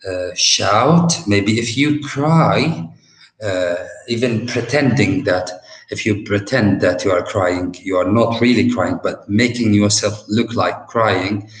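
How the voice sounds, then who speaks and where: A man with an Arabic accent teaching English vocabulary in a recorded university lesson, speaking slowly and patiently with many "uh" pauses and explaining through everyday examples. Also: on the low side, roomy sound, low-quality recording.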